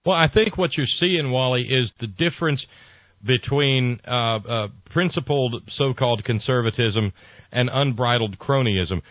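Man, talk radio host, halting then folksy, dry close sound. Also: medium pitch, dry recording. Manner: halting, restarts, then folksy joke-telling. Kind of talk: political talk radio discussion. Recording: tinny phone-like dry sound.

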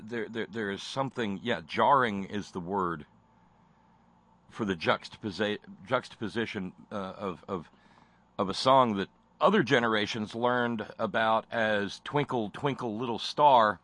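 A man's voice: lowish voice, unhurried, a bit bright. A man hosting a talk show, delivering sarcastic, impassioned commentary with frequent stammered restarts.

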